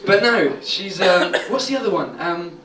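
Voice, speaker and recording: A man's voice: high voice, lively intonation, moderate pace, over music. A man doing a crude, chatty stand-up set, laughing at his own jokes. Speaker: stand-up comedian. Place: small comedy pub stage with audience. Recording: echoey room, distant mic, loud crowd.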